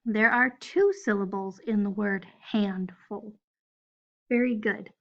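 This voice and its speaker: A woman's voice: mid-range voice, steady tone, slow, vocal fry, dull audio. A woman teaching a phonics lesson to first graders, patiently spelling out letters one at a time. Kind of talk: recorded phonics lesson for children.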